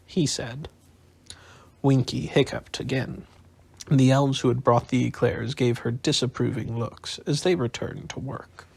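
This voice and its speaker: A man reading an audiobook aloud in a calm, unhurried bedtime style. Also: mid-range voice, vocal fry, breathy edge. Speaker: audiobook narrator.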